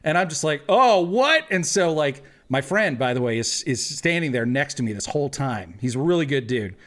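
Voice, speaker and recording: A young man telling a funny story to friends in casual chat, animated, laughing as he goes. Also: mid-range voice, brisk. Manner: animated anecdote with laughing asides and acted quotes. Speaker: tabletop game player.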